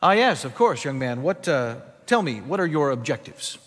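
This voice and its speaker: A man voicing an elderly male statesman who asks fatherly questions in a slow, measured way. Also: mid-range voice, big pitch swings, a bit bright, husky, in a large hall, voice pushed down. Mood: kindly.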